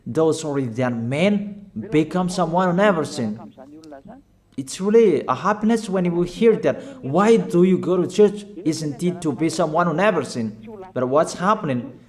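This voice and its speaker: A man preaching a sermon in halting, non-fluent English, urging his listeners with short, repeated calls. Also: a little high, darkish tone. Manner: emphatic, repetitive exhortation in non-fluent English.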